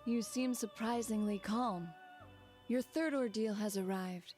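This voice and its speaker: A woman voicing a calm, formal attendant. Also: a little high, soft background music, close to an everyday voice. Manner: measured, formal and unhurried. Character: calm, composed female attendant of a mysterious blue room. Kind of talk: game voice acting.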